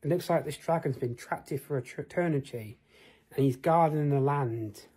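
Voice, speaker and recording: A man's voice: a little high, moderate pace, mellow, slightly rough. A man telling an improvised fantasy tale in a rambling way, asking the listener questions. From United Kingdom. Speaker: storyteller.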